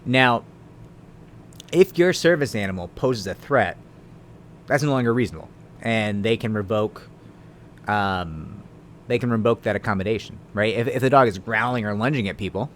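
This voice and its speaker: A man's voice: lowish voice, moderate pace, long pauses, a little hiss or hum. A man, a lawyer, explaining the law in a casual video, talking conversationally with tag questions and dry sarcastic asides.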